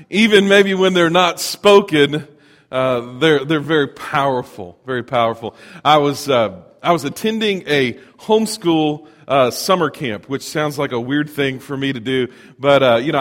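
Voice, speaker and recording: Middle-aged male pastor, conversational sermon, echoing hall sound. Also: on the high side. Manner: storytelling, animated, conversational.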